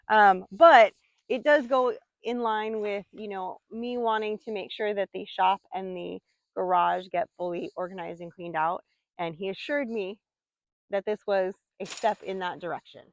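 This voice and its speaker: A woman in her forties chatting casually outdoors on her farm as a vlogger, rambling from topic to topic and cooing softly to her animals. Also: mid-range voice, no room sound, lo-fi sound. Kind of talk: casual chat.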